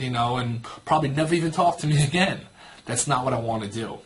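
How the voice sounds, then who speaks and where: A man in his thirties teaches a sales training session with plenty of energy. He tells a story and acts out both sides of the conversation. His voice sits at an ordinary pitch for a man. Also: fairly quick. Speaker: network marketing trainer.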